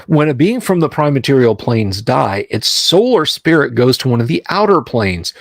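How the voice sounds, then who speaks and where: Gravelly man reading and rambling. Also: mid-range voice, big pitch swings, moderate pace, dry recording. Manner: rambling asides, self-interrupting. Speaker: host. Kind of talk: reading a rulebook aloud with commentary.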